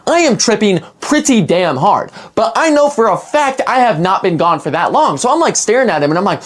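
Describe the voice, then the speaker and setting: A man's voice: high-pitched, fairly quick. A young man telling a long personal story in a casual, rambling storytime style, full of "like" and restarts. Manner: animated and rambling, heavy on "like".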